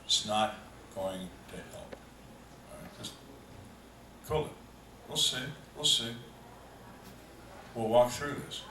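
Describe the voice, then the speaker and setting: An older man who was a homicide detective tells dry, deadpan stories with slow, emphatic pauses at a live fan Q&A. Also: mid-range voice, a little hiss or hum. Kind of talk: live storytelling Q&A. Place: event room on a cruise ship, live audience. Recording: echoey room, distant mic, faint ambience.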